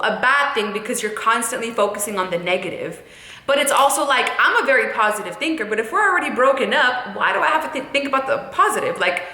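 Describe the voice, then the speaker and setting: Bright-voiced young woman giving blunt advice. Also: mid-range voice, reverberant. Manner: candid, emphatic, direct, repeats phrases for emphasis. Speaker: YouTuber giving breakup advice. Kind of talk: casual advice monologue to camera.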